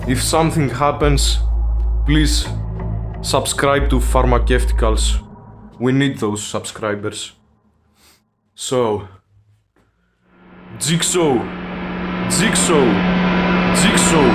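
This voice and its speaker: A young man filming a horror challenge vlog, frightened and swearing, breaking into shouts. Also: mid-range voice, takes it slowly, long pauses, music in the background. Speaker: vlogger. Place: house at night.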